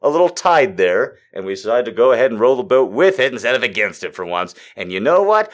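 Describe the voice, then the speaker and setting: A man hosting a live show in a casual, rambling, sardonic way, swinging between loud bursts and quiet asides. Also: medium pitch, very animated, fast talker, hardly any pauses. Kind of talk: casual live-stream chat.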